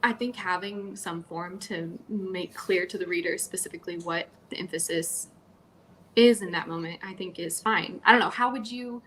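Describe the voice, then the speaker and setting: A woman's voice: fairly low pitch, normal speed, fairly bright tone, slight background noise, poor audio. A woman co-hosting a live writing stream, thinking aloud in a casual, musing and slightly rambling way. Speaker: writer co-host of a writing stream.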